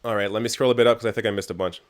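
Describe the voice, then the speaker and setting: A man's voice: on the low side, steady tone, racing. A young man from Canada hosting a casual livestream, answering viewer questions in a chatty way, often laughing and trailing off into fillers. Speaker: livestream host answering chat. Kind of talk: casual live Q&A chat.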